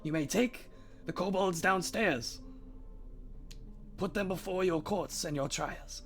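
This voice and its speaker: A man voicing a proud female kobold dragon mage who speaks formally, with a gravelly voice. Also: sits high, slow, soft background music. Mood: pleading, formal.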